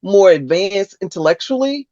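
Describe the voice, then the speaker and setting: Lively-voiced grandmother host in her sixties. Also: medium pitch, normal speed, no echo. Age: 60s. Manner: animated storyteller, agreeable back-channel replies. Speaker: podcast host and early childhood educator. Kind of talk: casual interview chat. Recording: dull lo-fi dry sound.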